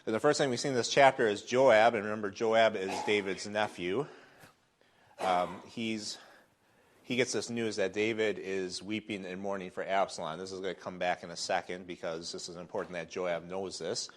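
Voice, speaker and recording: A middle-aged man with a very low voice teaches a Sunday School Bible lesson. He talks in a loose, conversational way, with fillers and restarts, from a church classroom. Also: fairly even intonation, moderate pace.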